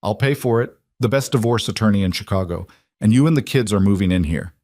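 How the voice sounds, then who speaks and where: A protective older mother speaking with firm, steady resolve, as a man reads her part. Her voice stays low and plain, recorded close and dry. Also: fast, no room sound, natural voice.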